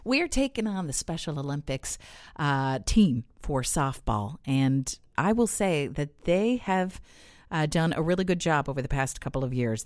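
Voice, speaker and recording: A woman's voice: sits low, lively intonation, moderate pace, a little mellow, no echo, clean studio sound. A woman radio host, chatty and enthusiastic as she plugs events. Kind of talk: upbeat radio announcements.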